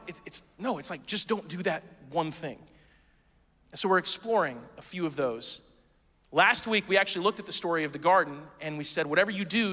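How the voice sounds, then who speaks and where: Male pastor, high and bright, casual and jokey at the pulpit, recorded in a reverberant sanctuary. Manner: conversational and playful, with quick asides to the congregation. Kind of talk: sermon. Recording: long hall reverb.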